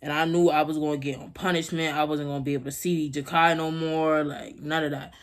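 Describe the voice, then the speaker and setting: A young woman with a low, deep voice tells a story to her camera at home. She talks casually and rambles, full of slang and little laughs. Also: little pitch movement, a little fast. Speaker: vlogger.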